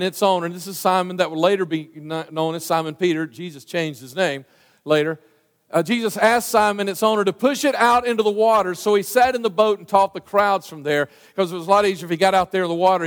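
A man preaching a conversational sermon, with lots of restarts and asides. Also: sits high. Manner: animated, conversational preaching with many restarts and fillers. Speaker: pastor. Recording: long reverb of a church hall.

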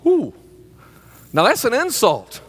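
A man preaching a sermon as pastor, emphatic, with a rising delivery that at times pushes toward a shout. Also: extremely high pitch, wildly swooping pitch, slow pace, husky, long reverb tail.

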